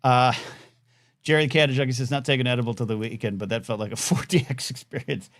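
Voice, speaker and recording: A man's voice: medium pitch, steady tone, fast, no room sound. Male talk-show host, home mic, tired and scattered, dry close sound. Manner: distracted, self-deprecating, talking to his dog mid-show. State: low energy, tired. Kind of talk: live talk show rambling. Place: apartment at home. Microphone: desk microphone.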